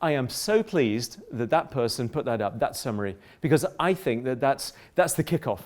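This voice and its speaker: A middle-aged man giving a public lecture, polemical and lively, often breaking off into asides and restarts. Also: medium pitch, moderate pace, few pauses. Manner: animated, polemical, self-interrupting with asides.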